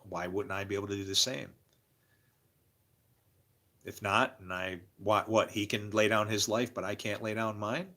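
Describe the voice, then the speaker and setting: Bright-voiced man rambling on a livestream. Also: on the low side, level tone, moderate pace, long pauses. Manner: rambling, profane and confessional; talks to chat viewers by name. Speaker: livestream host. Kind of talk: casual livestream monologue.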